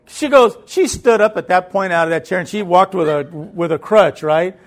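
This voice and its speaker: A lively man telling a story. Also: high-pitched, moderate pace. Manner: animated, acts out the voices in his story; conversational, with repeated fillers and restarts. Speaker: guest.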